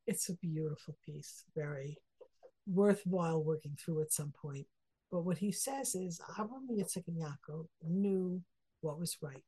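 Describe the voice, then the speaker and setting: A middle-aged woman teaching a Torah text study lesson, earnest and reflective, often pausing over the verses. Her voice is a touch low, warm and mellow, with a breathy, husky edge. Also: rough recording. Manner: mixes Hebrew phrases into English teaching.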